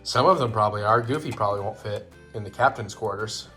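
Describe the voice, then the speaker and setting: A man hosting a home vlog, joking and thinking out loud while he puts a toy together. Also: lowish voice, fast talker, faint music behind. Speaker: vlog host. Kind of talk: casual chat while assembling a toy set.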